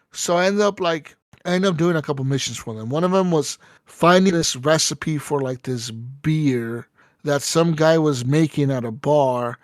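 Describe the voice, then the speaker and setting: Animated, profane man with a higher voice. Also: moderate pace, no echo. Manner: animated, profane storyteller who acts out dialogue. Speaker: podcast host. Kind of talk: casual chat, retelling a video game story.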